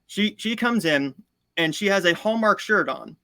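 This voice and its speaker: A young man in his twenties hosts a podcast over a video call, his bright voice dry and close. He tells stories eagerly, tripping over his words and repeating himself as he goes. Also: sits high, animated, moderate pace, dry recording. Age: 20s. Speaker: podcast host. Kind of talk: casual interview chat.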